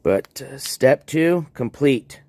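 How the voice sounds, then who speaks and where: A man hosting a casual livestream from his home and yard, chatting in a relaxed, rambling way with many fillers, recorded on a handheld phone. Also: mid-range voice, slow, no echo. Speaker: livestream host. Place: at home, moving between yard and house. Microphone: handheld phone on a gimbal.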